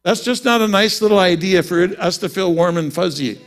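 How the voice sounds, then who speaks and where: A man's voice: sits high, fairly quick, few pauses, a faint crowd. A man preaching a sermon, telling a personal story and then rising into fervent preaching.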